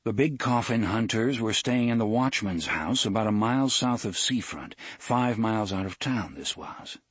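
Husky male audiobook narrator. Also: fairly low pitch, dry recording. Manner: measured storytelling, expressive. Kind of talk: scripted narration.

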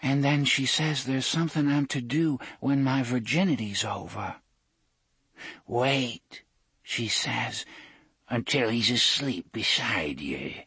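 A man voicing an entranced young woman in a high, dreamy, sing-song lilt. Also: animated, slow pace, a bit bright, husky, no room sound, full character voice.

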